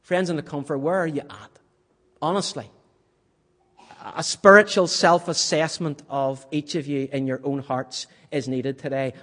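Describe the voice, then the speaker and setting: A man's voice: a little high, steady tone, measured pace. Preaching man in a reverberant church. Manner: dramatic swings from loud to hushed. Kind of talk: sermon.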